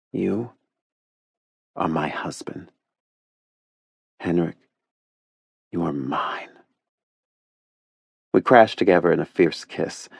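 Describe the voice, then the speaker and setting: A man narrating a first-person romance audiobook in a hushed, intimate way, close to the mic. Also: sits low, creaky, no room sound.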